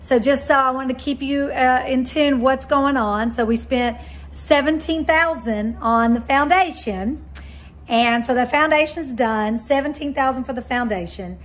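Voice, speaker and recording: A woman's voice: high-pitched, measured pace. A middle-aged woman giving an enthusiastic, chatty walkthrough of a house she is renovating, filmed on a handheld phone. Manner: chatty, enthusiastic, with frequent ums. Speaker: real estate investor vlogger. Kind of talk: casual walkthrough vlog. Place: empty gutted house, indoors. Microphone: handheld phone camera.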